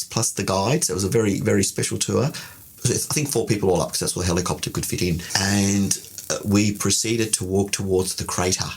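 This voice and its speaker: A man co-hosting a podcast, telling a travel story in casual chat, animated and prone to digressions. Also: fairly low pitch, slight background noise. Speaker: podcast co-host.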